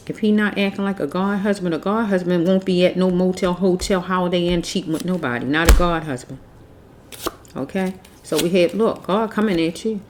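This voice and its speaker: A woman's voice: fairly low pitch, brisk, a little mellow, a little hiss or hum. A woman giving a casual tarot reading, blunt and preachy, repeating herself as she scolds. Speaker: tarot reader.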